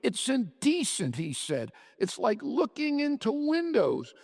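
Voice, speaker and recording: A man reads aloud as a weary middle-aged husband, exasperated and bitter. The voice is gravelly and unhurried. Long hall reverb surrounds it. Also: very high voice, wildly swooping pitch, a little mellow, pitched above the performer's own voice, exaggerated voice. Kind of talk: dramatic reading of a short story.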